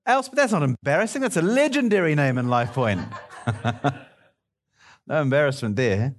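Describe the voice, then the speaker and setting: A man's voice: on the high side, expressive, moderate pace. A middle-aged male pastor preaching a sermon, playfully bantering with his congregation.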